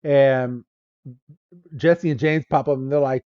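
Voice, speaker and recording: A man's voice: medium pitch, fairly even intonation, slow, no room sound, lo-fi sound. A man co-hosting a podcast, casually recapping a cartoon episode, acting out the characters' lines and laughing often. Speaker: podcast co-host.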